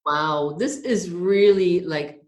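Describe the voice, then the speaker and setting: A woman hosting an interview podcast, reacting quickly and enthusiastically in casual chat. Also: on the low side. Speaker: podcast host. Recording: roomy echo.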